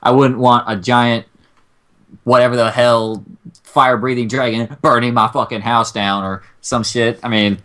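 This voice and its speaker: A young man co-hosting a casual chat, talking in long, excitable, profane rants. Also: mid-range voice, normal speed. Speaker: co-host.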